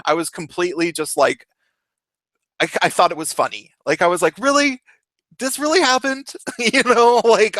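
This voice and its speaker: A young man telling a story in a casual, animated way, laughing often and swearing. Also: sits high, no echo. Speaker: vlogger.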